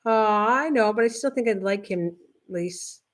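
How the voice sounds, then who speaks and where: A woman's voice: mid-range voice, a little slow. An older woman hosting a casual craft livestream, chatting in a rambling way and reading viewers' comments aloud. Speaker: livestream host. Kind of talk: casual chat with live viewers.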